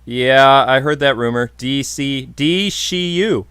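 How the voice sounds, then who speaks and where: A man's voice: mid-range voice, slow, fairly bright tone, clean tone, no room sound. A man hosting a podcast, casually answering viewer questions in a blunt, jokey, opinionated way. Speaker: podcast host.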